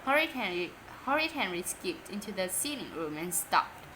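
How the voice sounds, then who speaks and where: A woman reading a children's storybook aloud in English, lively and expressive, Vietnamese native speaker. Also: medium pitch, moderate pace, few pauses, slight background noise, low-quality recording. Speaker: story reader.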